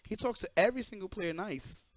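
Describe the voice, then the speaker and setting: A man putting on a prim, overly formal voice as a polite gentleman introducing himself. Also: sits high, fairly quick, no echo. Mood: ingratiating. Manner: soft, prim, exaggeratedly formal. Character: overly polite, proper adult man, ingratiating.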